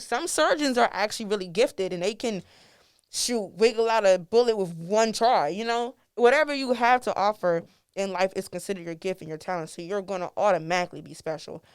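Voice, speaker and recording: A young woman with an American DMV-area accent hosts a casual, chatty podcast, laughing often with lively swings in loudness. Her mid-range voice is smooth, in a dry, clean studio recording.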